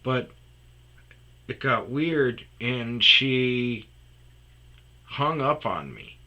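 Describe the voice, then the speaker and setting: Telling a meandering funny tale about a phone call, this man keeps restarting and dropping into muttered asides. He has a medium pitch with big swings and draws out his words.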